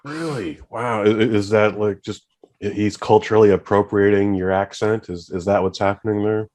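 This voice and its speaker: Animated, low-voiced American man, chatting. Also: moderate pace. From United States. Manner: animated, swears casually, mimics voices. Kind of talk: casual chat.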